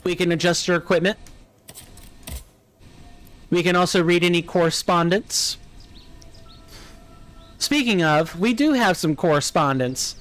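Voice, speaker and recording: A man's voice: high voice, unhurried, long pauses, fairly bright tone, soft background music. A man with a General American accent, chatting casually with viewers while streaming a game, musing and answering chat aloud. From United States. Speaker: let's play streamer. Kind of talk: casual live gameplay chat.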